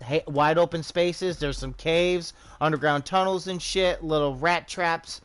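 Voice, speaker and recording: American guy streamer, slightly high voice, rambling, swears a lot. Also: fairly even intonation, unhurried, a bit bright, smooth. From United States. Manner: profane, rambling, restarts often. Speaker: livestreamer. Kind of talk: casual rambling commentary while gaming.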